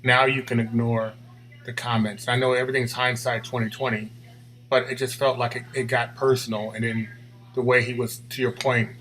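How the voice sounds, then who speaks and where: A man, a basketball official, giving a comment in a meeting on a video call, speaking haltingly with restarts. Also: medium pitch, little pitch movement, a bit bright, low-quality recording.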